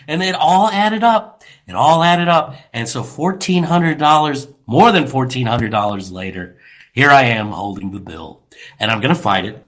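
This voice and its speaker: A man hosting a radio talk show, telling a story with animated, mocking impressions. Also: a little high, a little fast. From Louisiana, US. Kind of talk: casual radio chat.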